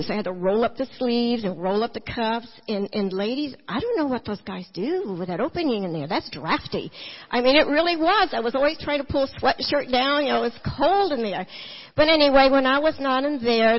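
A middle-aged woman giving a church testimony, storytelling with animated quotes and frequent laughter. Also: mid-range voice. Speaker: guest speaker giving a testimony. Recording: muffled lo-fi church recording.

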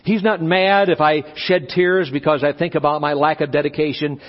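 High-pitched preaching man in a hall. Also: normal speed. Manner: animated preaching with acted-out dialogue. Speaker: pastor. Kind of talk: sermon. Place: church conference hall. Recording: dull live recording in a reverberant hall.

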